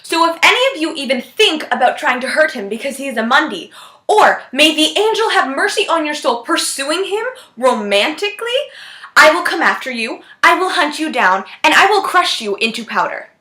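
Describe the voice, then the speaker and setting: A woman's voice: sits high, big pitch swings, moderate pace, pushed and bright, roomy sound, exaggerated voice. A woman playing a fierce, haughty young female demon hunter in a homemade scene, with a threatening manner.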